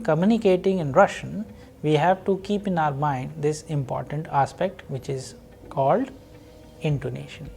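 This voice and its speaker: Woman, language teacher, recorded lecture, patient, repeats examples, low voice, very slow. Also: a little mellow.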